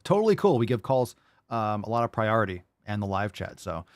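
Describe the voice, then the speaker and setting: On the low side and very animated, this man's voice moves fairly quickly, with no room sound. He runs a live call-in podcast, fielding listener questions in a loose, rambling style full of swearing, "like" and "you know."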